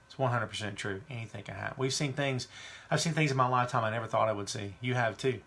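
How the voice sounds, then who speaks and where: Gravelly, bright-voiced podcast host man. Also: medium pitch, quick pace. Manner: chatty, opinionated, reads live chat questions. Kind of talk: casual wrestling podcast chat.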